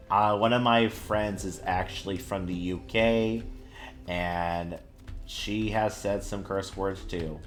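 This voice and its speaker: A man streaming a video game and chatting with viewers, telling stories with laughter and a lot of swearing. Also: low voice. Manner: chatty, laughing storyteller who swears freely. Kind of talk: casual gameplay chat with viewers.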